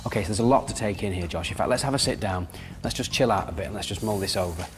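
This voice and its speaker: A man's voice: fairly low pitch, rapid-fire, big-room sound. A man presenting a prank show on location in an upbeat, jokey way. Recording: music over the voice.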